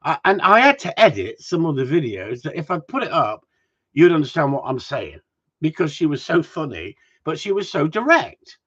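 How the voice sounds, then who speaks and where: A husky-voiced gundog trainer talks casually and tells stories with lots of energy. He swears freely and trips over his own sentence starts. The recording sounds dull and lo-fi. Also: on the high side, moderate pace. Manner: animated, swears freely, frequent restarts. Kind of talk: casual chat, storytelling.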